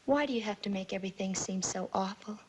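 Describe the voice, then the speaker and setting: A woman's voice: mid-range voice, fast, darkish tone, slight background noise, natural voice. An actress playing a frightened young girl who pleads and denies in a 1950s TV drama. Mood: defensive pleading. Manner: pleading, tearful denials. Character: frightened young girl accused of starting fires. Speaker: daughter.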